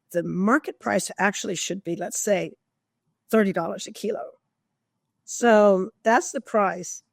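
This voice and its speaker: A woman answering interview questions at an even, measured pace, leaning on key words and posing rhetorical questions along the way. The sound is close and dry, with no room around it. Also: fairly low pitch, no room sound. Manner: measured, explanatory, with emphatic stress and rhetorical questions. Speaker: guest expert.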